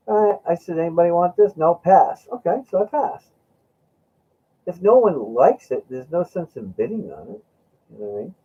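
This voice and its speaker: Husky-voiced male host, lively pitch, lo-fi sound, chatty rambling storyteller. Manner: rambling, laughing, acts out friend's lines. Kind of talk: casual storytelling chat. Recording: dull lo-fi sound.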